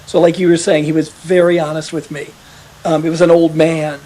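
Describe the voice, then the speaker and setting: A man telling a veteran's story in a casual podcast conversation, animated and quick to quote others. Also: fairly high pitch. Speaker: author interviewed about his article.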